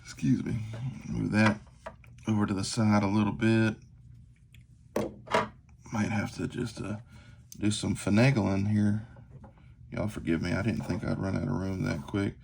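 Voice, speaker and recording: A man's voice: lowish voice, level tone, measured pace, creaky, pauses often, noisy background. A man, talking casually and rambling through a show-and-tell of his gear, with lots of fillers and self-deprecating asides. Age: 40s. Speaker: knife collector vlogger. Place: tabletop at home.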